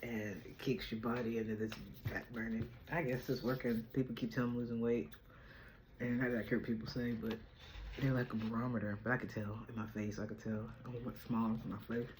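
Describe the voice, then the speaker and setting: A woman's voice: rumbling low, little pitch movement, a little fast, darkish tone, slight background noise. A woman hosting a casual home video chat, playful and chatty, often laughing. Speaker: vlogger host. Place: at home indoors. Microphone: camera.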